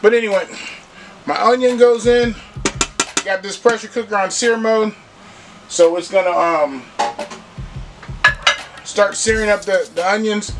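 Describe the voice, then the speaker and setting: A man's voice: high-pitched, a little slow, long pauses, background noise. A man hosting a home cooking show, chatting casually and walking viewers through each step in his kitchen.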